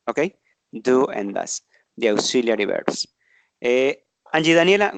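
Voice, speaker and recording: A man's voice: on the high side, dry recording. A man teaching an online English grammar class, explaining patiently and often checking in with tag questions.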